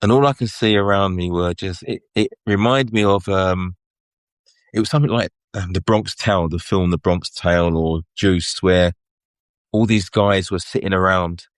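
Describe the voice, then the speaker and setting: Deep-voiced man with a London accent. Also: moderate pace, clean tone, no room sound. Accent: London English. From England. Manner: chatty, lively anecdotes with frequent laughs. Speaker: guest photographer. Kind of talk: casual interview storytelling.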